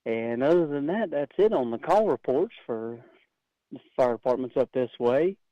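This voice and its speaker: A man calling in to a radio show with a local fire report, relaxed and plain-spoken. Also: medium pitch, moderate pace, dry recording, lo-fi sound. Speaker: caller with fire department report. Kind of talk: casual call-in report.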